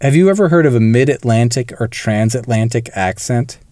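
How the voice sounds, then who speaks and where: A man's voice: medium pitch, brisk, dark tone, dry recording. Dry-sounding man hosting a film podcast. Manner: conversational, explanatory, occasional laughs. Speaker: podcast co-host. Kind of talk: casual film review chat.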